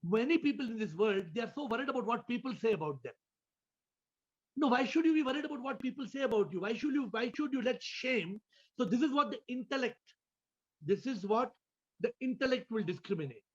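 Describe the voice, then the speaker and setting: Man, high voice, spiritual teacher, rhetorical questions, muffled video-call sound. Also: animated, brisk, husky. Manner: repeats words, asks listeners rhetorical questions. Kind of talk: question-and-answer discourse.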